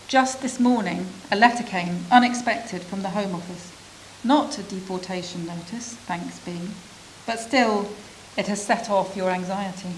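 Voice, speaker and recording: A woman reading a literary prose story aloud at a measured, reflective pace, with pauses between phrases. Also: mid-range voice, a little hiss or hum, low-quality recording. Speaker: reader of a refugee's story.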